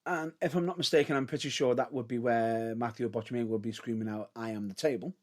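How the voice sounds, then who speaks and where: A man's voice: mid-range voice, fast talker. A man co-hosting a podcast, chatting casually and hedging his points with frequent restarts. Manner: hedging, restarts often, lively rises and drops. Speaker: podcast co-host. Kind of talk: casual wrestling chat.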